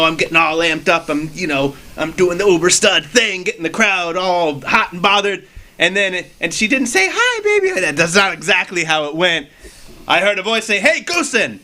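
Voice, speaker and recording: A male wrestler cutting an in-character promo, boastful and animated as he tells his story. His voice sits high for a man and rings bright and forceful.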